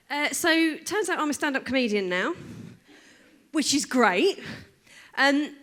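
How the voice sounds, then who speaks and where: A woman doing a chatty stand-up set, swearing casually and dropping into quieter asides. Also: high voice. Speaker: stand-up comedian.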